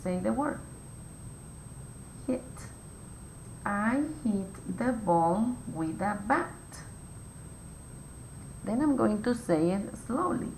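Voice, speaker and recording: A woman teacher walks young children through a phonics lesson at an unhurried pace, spelling out each step with patient care. Her mid-range voice bounces around an echoey room, and a faint rumble sits underneath. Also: expressive, a little mellow. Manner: slow, clear, patient step-by-step instructions.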